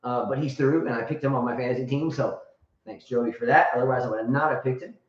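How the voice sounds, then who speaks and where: A man's voice: medium pitch, quick pace. A man hosting a casual live show, rambling, joking and blunt, with crude humor. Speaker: show host and tennis coach. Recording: roomy, distant, dull sound.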